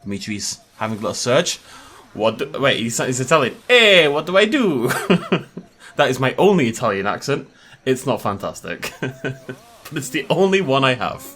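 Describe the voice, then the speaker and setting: A man's voice: medium pitch, expressive, normal speed, a bit bright. A man giving casual gameplay commentary as a YouTuber, chatty and joking, laughing often. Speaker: gaming YouTuber.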